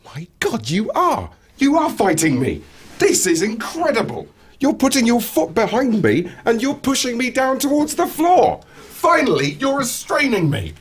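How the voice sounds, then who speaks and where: A lazy, whiny flatmate. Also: male voice, mid-range voice, brisk, husky. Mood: excited. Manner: whiny, sarcastic, dramatic. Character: lazy self-pitying man in his thirties. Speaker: actor playing a lazy flatmate. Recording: clip from a TV sitcom with music.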